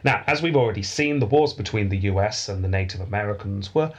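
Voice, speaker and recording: Brief: male podcast host, low husky voice, dry joking history storyteller. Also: animated, fast talker. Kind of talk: casual history podcast chat.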